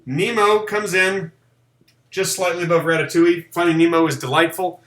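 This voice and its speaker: A man hosts a live stream in a loose, joking way, his voice bright and a little high for a man. The room is echoey around him. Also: moderate pace. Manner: animated, jokey, does mocking high voices. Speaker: live show host. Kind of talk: casual live-stream chat.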